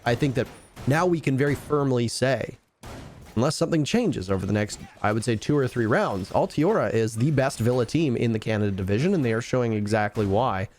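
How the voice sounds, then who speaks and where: A man's voice: medium pitch, animated, a little fast, darkish tone, a little hiss or hum. Man giving emphatic esports analysis. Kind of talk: color commentary.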